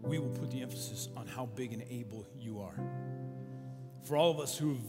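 A man's voice: medium pitch, normal speed. A man preaching as a pastor, leading his church in prayer with earnest, building repetition. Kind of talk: sermon and prayer. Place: large church with balcony. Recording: long church reverb with music.

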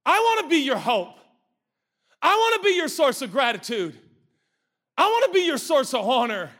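God declaring, as a preacher puts him on. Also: male voice, very high voice, sing-song, moderate pace, a bit bright, pitched above the performer's own voice, heavily acted. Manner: declaring, emphatic. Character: God, sovereign and loving, male.

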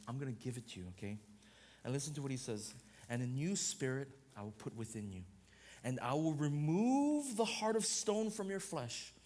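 A man preaching a sermon on marriage, loud and expressive, often checking in with "right?". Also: medium pitch. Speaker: pastor.

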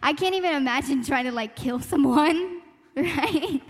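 A young woman with a high, bright-pitched voice speaks earnestly at a church youth meeting. She is reflective and thinks aloud, with little laughs and fillers. The sound carries a long hall reverb. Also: a little slow. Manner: reflective, laughs lightly, talks through her thoughts with fillers. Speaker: panel speaker sharing a testimony.

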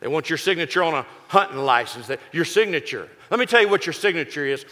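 Man in his sixties, folksy joking preacher, bright forceful tone, long hall reverb, sermon storytelling. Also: a little high, fast. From Texas. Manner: folksy, joking, lively delivery. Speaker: pastor.

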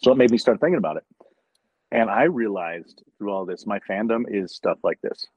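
Brief: adult man, very low husky voice, earnest storyteller, dry close lo-fi sound. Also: expressive, fairly quick, darkish tone, no room sound. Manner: earnest storyteller who acts out conversations. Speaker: convention talent manager. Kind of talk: casual podcast chat.

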